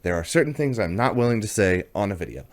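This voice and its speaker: Deep-voiced chatty man hosting a review. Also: lively intonation, quick pace. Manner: chatty, rambling, self-deprecating. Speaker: comics review host. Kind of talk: casual video review.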